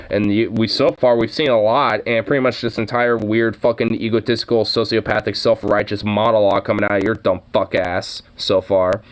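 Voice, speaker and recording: A man giving a sarcastic, swear-heavy reaction commentary, ranting and mocking what he hears. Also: on the low side. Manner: mocking sing-song interjections.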